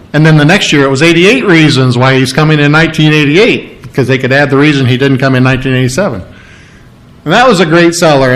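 A man preaching a sermon as a pastor, conversational and animated, often asking his listeners questions and joking, with sore ribs. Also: on the high side. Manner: conversational, animated, asks the audience questions, jokes.

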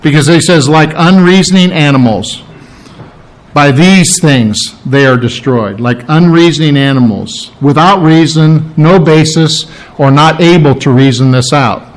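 A man preaching a sermon, animated and playing out quoted voices as he teaches. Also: on the high side, a little slow, rough recording. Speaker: pastor.

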